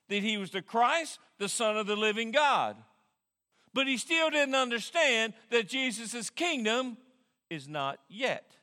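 Male pastor, lively high sermon voice with a bright edge, long reverb from a big church hall. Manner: animated, repeats words while thinking.

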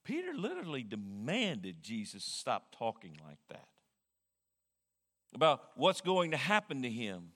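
A male pastor preaching a sermon in an animated way, often repeating words as he thinks. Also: mid-range voice, a little slow. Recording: long hall reverb.

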